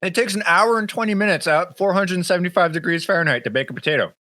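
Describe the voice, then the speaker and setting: A man's voice: sits high, fast talker, pushed and bright, a little hiss or hum. A man co-hosting a podcast in casual chat, rambling and swearing, full of fillers and restarts. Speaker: podcast co-host. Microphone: webcam setup.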